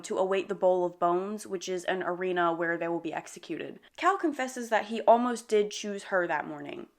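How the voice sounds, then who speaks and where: A young woman with an animated, slangy manner gives a casual book recap full of dramatic asides. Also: mid-range voice.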